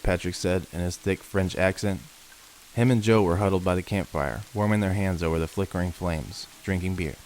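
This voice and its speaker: Deep voiced guy reading creepy stories, slow and measured, soft rain hiss in back. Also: poor audio. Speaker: horror story narrator. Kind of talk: scripted narration. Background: faint rain.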